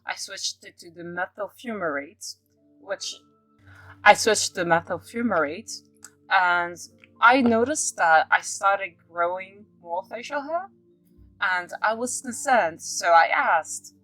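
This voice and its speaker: A woman's voice: medium pitch, takes it slowly, no room sound, soft background music, rough recording. Chatty woman vlogger from Africa. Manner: chatty, rambling, with sudden excited outbursts. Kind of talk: casual monologue vlog.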